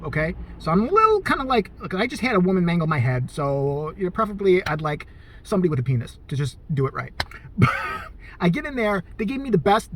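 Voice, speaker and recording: A man's voice: high voice, slight background noise. A man telling a profane, comedic rant about his day in a casual vlog. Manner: animated, profane, storytelling. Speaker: vlogger.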